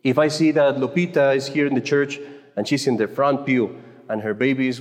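A man's voice: medium pitch, moderate pace. A man speaking at a conference for Catholic mothers, giving an informal faith talk in a conversational, joking way with frequent stammered restarts. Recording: echoey hall with long reverb.

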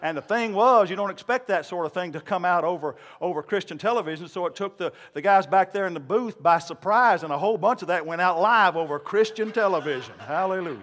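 A male pastor preaching a sermon, telling folksy stories and then climbing into loud, shouted preaching. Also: high voice, fairly quick.

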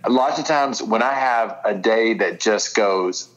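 A man's voice: fairly low pitch, a little slow, dull audio. A man who works as a chiropractor, a guest on an interview, answering in an easygoing, agreeable way. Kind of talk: casual interview chat.

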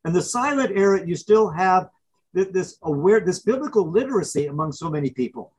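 Husky, slightly high-pitched man telling stories as an interview guest. He talks with lively animation and acts out scenes as he goes. His voice has a breathy edge throughout. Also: fairly quick, rough recording. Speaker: author and professor.

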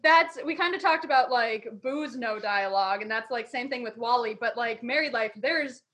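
A woman's voice: on the high side, moderate pace, a bit bright. A woman co-hosting a casual podcast chat, talking emphatically and swearing freely. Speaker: podcast co-host.

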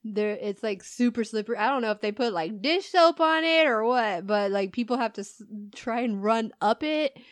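A woman's voice: fairly high pitch, animated, moderate pace, hardly any pauses, no echo. A woman co-hosting a podcast, telling stories in casual chat, laughing often and swearing as she acts out the people in them. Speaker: podcast co-host.

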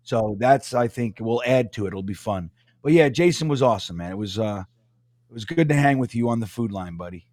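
A man co-hosting a casual podcast, rambling through stories and acting out quotes loudly. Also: mid-range voice, lively intonation, fairly quick, no room sound. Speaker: podcast co-host.

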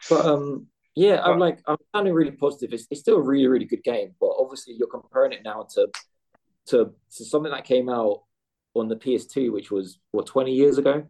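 A man co-hosting a gaming podcast, talking in animated casual chat with lots of swearing and restarts. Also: medium pitch, a little fast. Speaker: podcast co-host.

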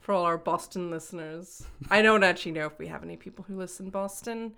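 A woman's voice: on the low side, fast, vocal fry, a bit bright, clean tone. A young adult woman co-hosting a podcast, chatting casually and hedging a lot with "like" and "um". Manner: rambling, hedging with lots of "like" and "um". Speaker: podcast co-host. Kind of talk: casual chat.

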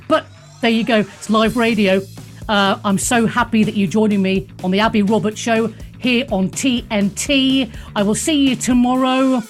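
A British woman hosts a live radio talk show in a chatty, self-deprecating way. She has a fairly high voice for a woman, drops in mild swears and exclamations, and rambles warmly between segments. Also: steady tone, moderate pace, faint music behind. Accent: British English.

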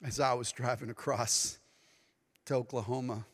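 A man preaching a sermon as pastor, dramatic and expressive, now and then acting out the voices of people he quotes. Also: medium pitch, normal speed, slightly rough, long reverb tail. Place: church sanctuary.

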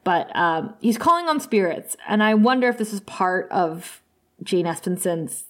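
A woman's voice: medium pitch, lively intonation, moderate pace. A woman co-hosting a podcast, recapping an episode in casual chat, loose and chatty with frequent fillers. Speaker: podcast co-host.

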